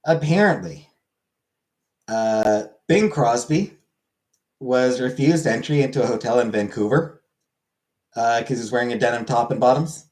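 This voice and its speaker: A man's voice: mid-range voice, darkish tone. A Canadian man with a Canadian accent, hosting a casual streamed chat in a rambling, joking way with frequent fillers. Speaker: streamer host.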